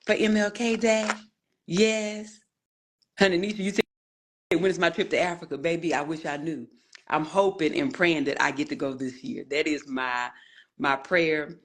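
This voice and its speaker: A woman's voice: on the low side, moderate pace. A woman in her forties hosting a casual livestream, greeting viewers one by one and calling them honey and y'all. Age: 40s. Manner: warm, chatty Southern-style greetings, calls viewers honey and y'all. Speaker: livestream host.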